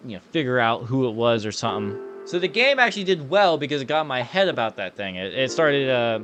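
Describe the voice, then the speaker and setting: A young man giving jittery, excitable horror gameplay commentary, often saying "dude". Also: mid-range voice.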